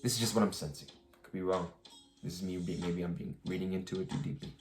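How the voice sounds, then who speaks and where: A man's voice: sits low, steady tone, fast, faint music behind. A young man telling a rambling, frustrated story about work in a casual vlog, with many restarts and some swearing. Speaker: vlogger.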